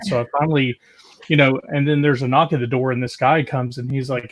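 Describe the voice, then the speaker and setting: A man's voice: medium pitch, fairly even intonation, fast talker. A man telling a long story in a loose, casual way, full of "like" and restarts, from a video call. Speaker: guest caller.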